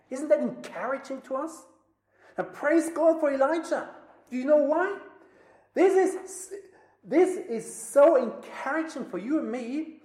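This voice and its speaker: A woman preaching a sermon, swinging between loud emphasis and near-whispers. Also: a little high. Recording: roomy echo.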